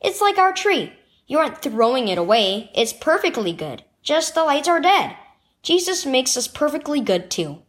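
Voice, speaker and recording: A woman voicing a calm oldest brother who patiently explains things in a storybook reading. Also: sits high, normal speed, pitched above the performer's own voice. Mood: earnest.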